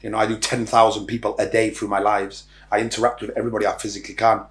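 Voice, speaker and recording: A man's voice: fairly low pitch, flat delivery, rapid-fire. A middle-aged man from Ireland, a podcast guest, talking bluntly and rambling, with frequent swearing. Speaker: podcast guest, social media influencer. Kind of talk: casual interview talk. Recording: roomy echo.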